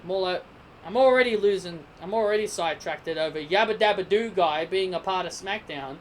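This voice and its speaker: Casting note: casual wrestling reviewer, mid-pitched, prone to heated rants, with faint background hiss. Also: fairly quick. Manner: animated, gets heated and emphatic in rants; self-correcting, sidetracked chatter.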